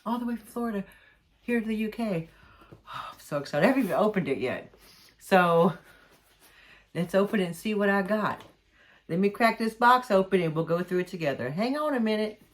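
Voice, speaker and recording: A woman's voice: mid-range voice, expressive, brisk, long pauses. A woman vlogging at home, unboxing a parcel in a gushing, exclamatory way and calling her viewers y'all. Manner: gushing, exclamatory, laughs often. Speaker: jewellery vlogger. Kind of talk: excited unboxing vlog. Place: home, with a pet nearby.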